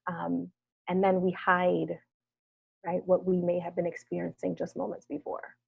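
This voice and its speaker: A woman therapist leading a wellness workshop discussion, speaking gently and reflectively and often checking in with "right?". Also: on the low side, completely flat delivery, normal speed, gravelly, breathy edge, no room sound. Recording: dull lo-fi video call audio.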